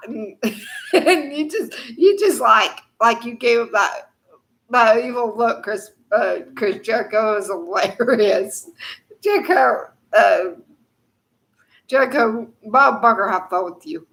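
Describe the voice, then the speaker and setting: Chatty higher-voiced woman. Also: measured pace, a bit bright. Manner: chatty, laughs often, trails off with fillers. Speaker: live chat host. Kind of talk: casual rambling chat.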